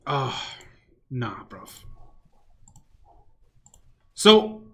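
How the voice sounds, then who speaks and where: A man's voice: mid-range voice, very animated, drawn-out words, a little hiss or hum. A young man live-streaming a game, rambling casually, swearing freely and muttering or humming to himself as he plays. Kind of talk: casual live-stream chat while playing.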